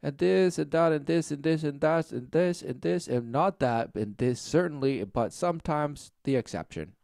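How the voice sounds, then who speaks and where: Mocking man with a gravelly voice. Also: fairly high pitch, normal speed, a little mellow, no echo, studio quality. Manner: mocking, rambling, repetitive. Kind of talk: sarcastic commentary.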